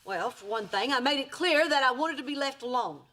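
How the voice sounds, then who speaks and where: Sarcastic sitcom lead woman, animated pitch, slightly high. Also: fairly quick. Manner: sarcastic, wisecracking. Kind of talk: sitcom acting.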